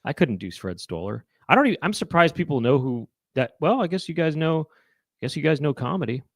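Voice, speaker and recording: A man's voice: very animated, brisk, vocal fry, no room sound. Chatty comedian man, dry close mic. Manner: rambling, launches into loud high-pitched impressions. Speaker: co-host. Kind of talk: casual comedic chat.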